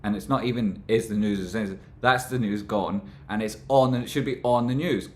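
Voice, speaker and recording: A man rambling through casual stock market commentary, with animated, exasperated rants. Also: lowish voice, moderate pace, hardly any pauses, reverberant.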